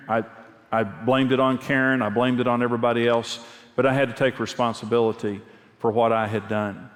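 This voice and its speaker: A middle-aged man preaches in an earnest, candid storytelling manner, circling back to repeat key phrases. His voice sits at an ordinary male pitch. A long reverb trails each line through a big church hall. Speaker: pastor and marriage teacher. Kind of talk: sermon with personal stories.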